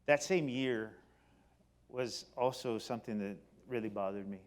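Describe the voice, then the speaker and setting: A middle-aged man giving a personal storytelling talk on stage, animated, moving between loud excited bursts and quiet low passages. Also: unhurried. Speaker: company speaker. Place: stage before an audience.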